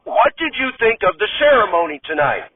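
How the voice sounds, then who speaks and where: A man voicing a smooth, chipper male red-carpet television host with a bright announcer delivery. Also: high-pitched, sing-song, brisk, no room sound, voice pushed up, full character voice. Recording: tinny distant phone-like sound.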